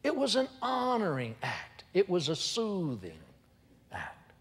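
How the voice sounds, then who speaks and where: Speaking slowly in a high voice, a man preaches a humorous storytelling sermon in church and animatedly acts out the voices of the people he describes. There is big-room sound.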